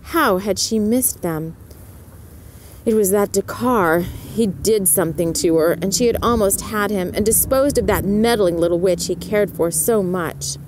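A woman narrating a story in a soft whispered role-play, lifting her voice for the characters. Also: mid-range voice, unhurried, slight background noise.

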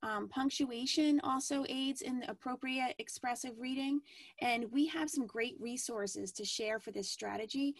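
A woman teacher presenting an educational webinar in a measured way, with frequent ums and restarts. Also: fairly high pitch, dry recording.

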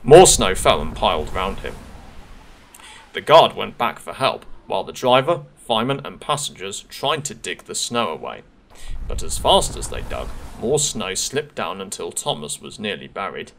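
A man reading a children's railway storybook aloud with expressive narration. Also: sits low, moderate pace, gravelly. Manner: expressive, gently paced narration.

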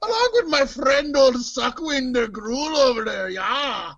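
A man's voice: very high-pitched, lively intonation, measured pace, fairly bright tone, dry recording, highs cut off, pitched above the performer's own voice, heavily acted. A man voicing a dim, jolly male javelin thrower in a put-on Irish or Scottish accent. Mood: boastful. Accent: mock Irish or Scottish.

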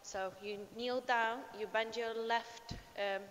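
A woman teaching a live online dance class, explaining steps slowly and counting beats. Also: fairly high pitch, fairly even intonation, fairly bright tone. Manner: slow, step-by-step explanations. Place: dance studio. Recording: long reverb, faint ambient noise.

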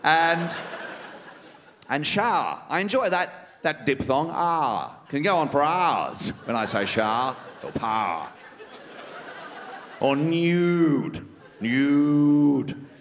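A man's voice: a little high, lively intonation, slow, fairly bright tone, voice pushed down. A man with an Australian accent impersonating a smug, wealthy male politician who stretches out his vowels and over-enunciates every word. It is recorded live on a stage microphone in a reverberant theater. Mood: smug drawl. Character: smug rich male politician, pompous and self-satisfied.

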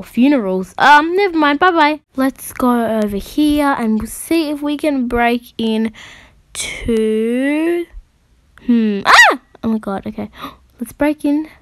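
Brief: high-pitched woman, casual game commentary, giggly and exclamatory, dry close sound. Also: dry recording. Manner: chatty, giggly, gasping and exclaiming. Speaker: gaming channel host.

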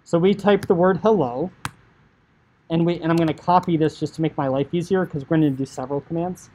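A man teaching high school computer science, talking casually through code on screen, often saying "like" and acting out what a user might think. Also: brisk, warm tone, a little hiss or hum, poor audio. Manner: chatty, filler "like", acts out inner thoughts. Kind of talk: casual coding screencast lecture.

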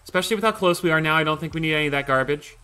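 A young man chatting casually while gaming, excitable and joking, swearing often. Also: a little high, rapid-fire, smooth. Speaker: host, Minecraft server player.

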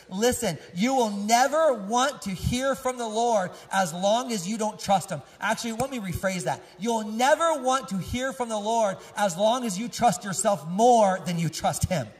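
High-voiced man preaching in a reverberant church. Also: moderate pace, hardly any pauses. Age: 30s. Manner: conversational and lively, polling the congregation; jokes and corrects himself mid-sentence. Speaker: pastor. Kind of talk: sermon. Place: church sanctuary. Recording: long church hall reverb.

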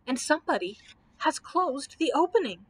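A woman's voice: high-pitched, expressive, voice pushed up. A woman voicing a nervous male scarecrow made of straw in a storybook read-aloud. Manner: anxious, hurried lines.

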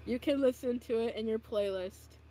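A woman's voice: on the high side, normal speed, warm tone, a little hiss or hum. A young woman casually vlogging about her old art, self-mocking and dramatic, with groans and giggles. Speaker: video creator. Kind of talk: casual vlog reacting to own old art.

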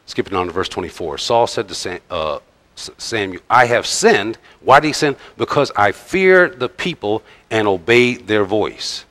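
A male pastor preaching a sermon in a conversational, halting way, with frequent pauses and restarts. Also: on the low side, lively intonation, fairly bright tone. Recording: long reverb of a large church hall.

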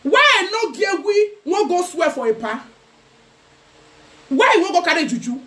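A young Nigerian woman with a very high voice rants through gossip commentary. She taunts her targets in a sing-song way and keeps dropping into mocking laughter. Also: big pitch swings, unhurried, a bit bright. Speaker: gossip vlogger.

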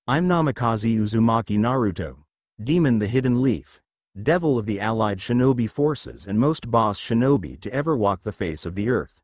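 A man voicing a brash, cocky young male ninja warrior who talks sarcastic and deadpan, in a read-aloud story. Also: mid-range voice, normal speed, no echo, lightly acted.

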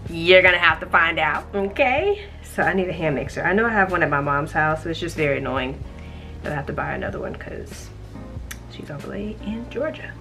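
A woman's voice: fairly low pitch, moderate pace. A young woman vlogging on her phone, chatting about errands and ranting animatedly about a delivery mix-up. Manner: chatty, animated storytelling with exasperated outbursts. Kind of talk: casual vlog chatter. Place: home, then out running errands. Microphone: phone camera. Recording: clear background music.

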